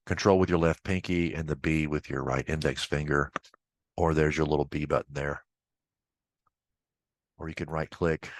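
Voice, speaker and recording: A man instructor walking through a software tutorial in a casual, chatty way with offhand asides. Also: rumbling low, steady tone, normal speed, pauses often, no room sound. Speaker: accounting instructor. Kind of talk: screen-recorded software tutorial.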